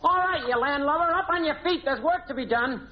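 A high, barking pirate mate. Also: male voice, fairly quick. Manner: barking orders, salty sailor talk. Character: gruff bossy male pirate first mate. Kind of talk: old-time radio comedy acting. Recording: hissy dull old radio recording.

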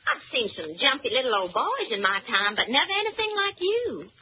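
An actress playing a flirtatious belle in a 1940s radio comedy, with a coy, drawling, cooing manner. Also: female voice, sits high, sing-song, a little fast. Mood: flirty. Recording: dull, noisy old radio recording.

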